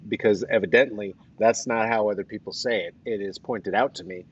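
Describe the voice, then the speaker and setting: A man's voice: fairly low pitch, fairly quick, breathy edge. A man with a Colorado accent and traces of the East Coast, hosting a casual livestream with playful, rambling, jokey asides. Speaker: host. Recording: slightly dull lo-fi sound.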